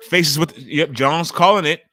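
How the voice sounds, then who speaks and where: Host type: man in his forties, loud and chatty, bright, forceful tone, swears freely while reacting to wrestling live. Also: a little high, a little slow. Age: 40s. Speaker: livestream host. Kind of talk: casual live wrestling watch-along commentary.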